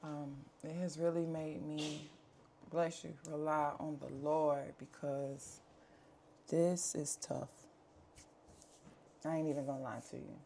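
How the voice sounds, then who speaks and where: A woman's voice: low-pitched, little pitch movement, slow pace, vocal fry, long pauses, warm tone, slight background noise. A woman, talking candidly to camera at home in a chatty, earnest way with plenty of fillers. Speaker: vlogger. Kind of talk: candid life-update talk to camera.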